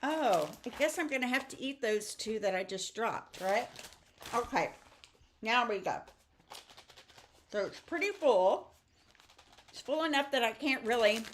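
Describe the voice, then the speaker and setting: A woman's voice: a little high, animated, measured pace, pauses often, a bit bright, a little hiss or hum. A middle-aged woman teaching a papercraft project, chatty and upbeat as she talks viewers through each step. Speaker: stamping and papercraft instructor. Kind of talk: casual craft tutorial.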